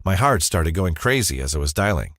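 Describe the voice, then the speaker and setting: A man's voice: sits low, very animated, fairly quick, fairly bright tone, no echo, studio quality. A man narrating a scripted first-person advertisement story in a dramatic, confessional storytelling manner.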